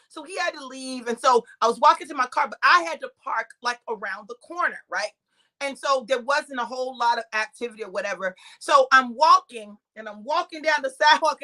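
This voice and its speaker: A high-voiced woman tells a story with animated energy, greeting her online viewers by name. Her tone is bright and sharp. She acts out the voices of people in the story and laughs often as she talks. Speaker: preacher and live-stream host. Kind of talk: lively storytelling to a live online audience.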